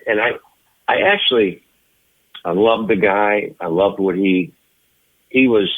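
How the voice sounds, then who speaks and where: Older man, very deep voice, lively anecdotal storytelling, thin phone-like sound. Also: husky. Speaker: interview guest, retired baseball player. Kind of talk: storytelling interview.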